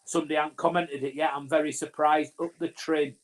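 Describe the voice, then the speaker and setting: A man from Northern England, fairly high-pitched with little pitch movement, talks fairly quickly as co-host of a live fan watch-along of a rugby league game. He rambles on, talking over his co-host, and often uses fillers and restarts.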